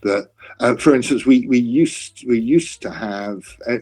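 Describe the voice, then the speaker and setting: A man's voice: medium pitch, a little slow, darkish tone, soft background music. An older man, a classics scholar, speaking in a conversational interview with many restarts and a dry, self-mocking humor.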